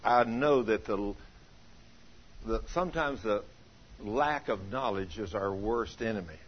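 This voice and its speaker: A man pastor giving a folksy, story-filled sermon, animated and acting out the people he quotes, now and then breaking into a shout. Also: fairly low pitch, a little slow, a little hiss or hum. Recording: dull lo-fi recording.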